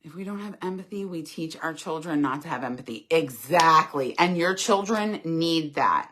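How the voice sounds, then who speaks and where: A woman's voice: low voice, animated, moderate pace, fairly bright tone. A middle-aged woman hosting a casual live chat, reading viewers' comments aloud and answering them earnestly and candidly.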